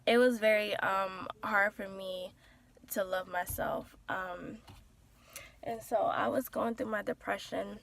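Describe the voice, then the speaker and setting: A young woman in her twenties, talking softly and hesitantly from inside a car as she shares a personal story, with many pauses and fillers. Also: medium pitch, steady tone, vocal fry, a little hiss or hum. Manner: soft-spoken and hesitant, with frequent "um" and "like". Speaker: vlogger sharing a personal testimony.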